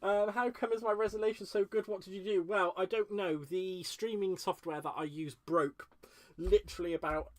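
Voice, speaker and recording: A man with a voice a touch higher than most men's, talking casually as he crafts live at home. He gushes over his supplies and chats back to viewers' comments in a friendly, rambling way. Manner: chatty, gushing, answers viewer comments aloud. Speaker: crafting livestream host. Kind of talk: casual live-stream chat while crafting.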